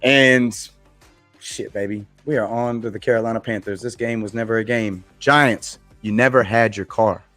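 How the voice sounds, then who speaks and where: A man's voice: on the low side, fairly even intonation, moderate pace, a bit bright, no room sound, soft background music. A man co-hosting a sports podcast, talking emphatically and with heart, swearing casually. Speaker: podcast co-host.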